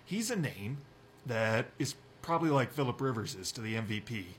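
A young man hosting a sports radio show, talking football in a brisk, opinionated way. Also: mid-range voice, expressive, a little hiss or hum. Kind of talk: casual sports talk.

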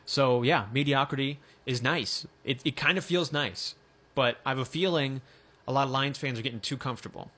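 A man's voice: mid-range voice, moderate pace, sharp tone. A man with a Michigan accent hosting a casual sports podcast, reading excerpts and joking. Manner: reads excerpts aloud, joking.

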